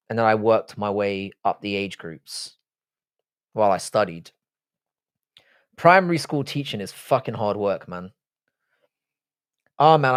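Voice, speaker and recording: Reading chat aloud, a livestream host in his forties replies in a mid-range, darkish voice. His banter is casual and blunt, full of profanity and jokes.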